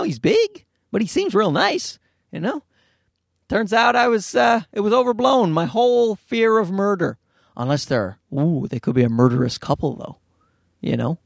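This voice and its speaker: A man talks through a loose solo podcast, his voice pitched high with a gravelly fry. He rambles from story to story, swearing freely and tossing in sarcastic asides. The sound is dry, with little room around it. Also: no room sound. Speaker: podcast host. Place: outdoors or by a road, talking into a microphone.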